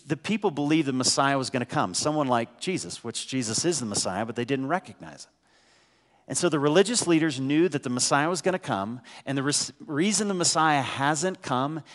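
Pastor preaching in a reverberant hall. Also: male voice, medium pitch. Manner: conversational preaching with rhetorical questions to the congregation. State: congested with a head cold. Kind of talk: sermon. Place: church sanctuary.

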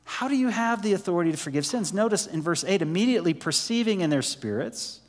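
A man's voice: high-pitched, animated, quick pace. Man preaching in a reverberant sanctuary. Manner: conversational preaching, asks listeners questions, drops to near-whisper for emphasis. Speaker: pastor. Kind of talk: sermon.

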